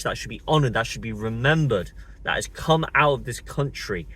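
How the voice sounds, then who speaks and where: A man's voice: medium pitch, animated, fairly quick, pushed and bright. A British man in his twenties giving a direct-to-camera monologue with fervent, insistent delivery and repetition for emphasis. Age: 20s. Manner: fervent, repeats words and phrases for emphasis. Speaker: political commentator.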